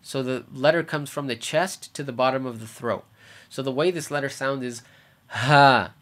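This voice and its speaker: A man's voice: medium pitch, moderate pace. A man giving a casual pronunciation lesson, patiently explaining and demonstrating sounds in an exaggerated way. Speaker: teacher.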